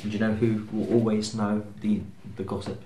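A man's voice: lowish voice, little pitch movement, fairly quick, warm tone, a little hiss or hum. A man playing a tabletop game, chatting in a jokey way and laughing often. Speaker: player. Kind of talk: casual chat while playing a tabletop game. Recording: echoey room.

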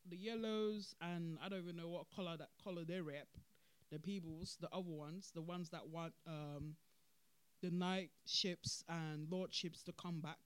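Casual commentary, animated and laughing, emphatic repeats, dry close recording. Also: medium pitch, no echo. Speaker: podcast host.

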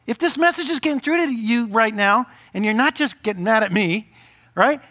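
A man's voice: very high-pitched, expressive, normal speed, sharp tone. A man preaching a sermon as pastor, impassioned and urgent, rising to emphatic peaks.

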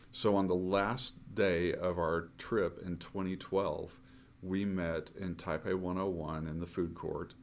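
Deep-voiced earnest man in his fifties. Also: a little hiss or hum. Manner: earnest, halting with fillers and restarts. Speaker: missionary guest. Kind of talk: conversational storytelling.

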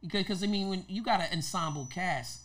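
A young man telling a story, loud and laughing, shouting his punchlines. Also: high-pitched, fairly quick. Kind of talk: animated storytelling with impressions.

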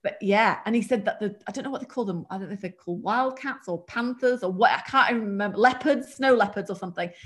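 A woman with a mild English accent, a guest telling work stories in a chatty, animated way. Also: medium pitch, fast, hardly any pauses. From England. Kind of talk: casual storytelling.

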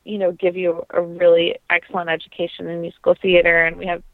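A woman's voice: lowish voice, completely flat delivery, quick pace, no echo. Earnest woman on a tinny line. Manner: earnest, reflective, frequent ums. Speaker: podcast guest, opera singer. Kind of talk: conversational interview.

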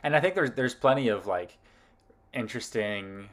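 Podcast co-host guy, lowish voice, laid back, says "like" a lot. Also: normal speed. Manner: relaxed, filler-heavy, laughs easily. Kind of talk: casual chat.

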